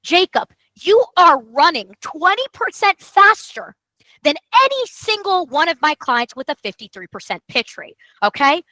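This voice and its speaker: A woman hosting a sales training call, talking emphatically and excitably and repeating things for emphasis. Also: extremely high pitch, moderate pace, dry recording, rough recording. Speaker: marketing coach host.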